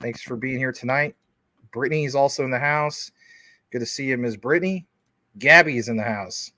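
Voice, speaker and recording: A man's voice: medium pitch, brisk, pushed and bright, no room sound. A man co-hosting a casual livestream, greeting viewers and reading their comments in an upbeat, jokey way. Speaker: livestream co-host.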